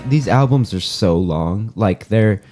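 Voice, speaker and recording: A man's voice: on the low side, expressive, slow, dark tone. A man co-hosting a music podcast, chatting offhandedly and cracking jokes. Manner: joking, offhand banter. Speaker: podcast co-host. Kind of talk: casual music podcast chat.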